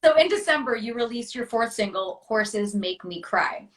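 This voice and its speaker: A woman's voice: on the high side, lively intonation, normal speed, distant mic. A woman hosting a live-stream interview, upbeat and encouraging with her guest. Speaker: interview host.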